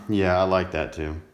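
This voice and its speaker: A man co-hosting a casual chat, laid-back, laughing often and clearing his throat. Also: deep voice, a little hiss or hum. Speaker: podcast co-host.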